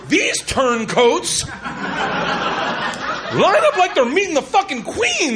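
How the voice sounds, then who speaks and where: A man doing stand-up storytelling on a comedy club stage, loud and animated, laughing as he tells it. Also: extremely high pitch, unhurried, over a noisy crowd. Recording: loud noisy live recording.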